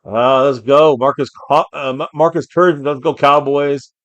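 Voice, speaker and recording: A man hosting a live game reaction stream, calling plays, reading viewer comments aloud, and erupting into shouts on big plays. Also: mid-range voice, fairly even intonation, moderate pace, no echo, lo-fi sound.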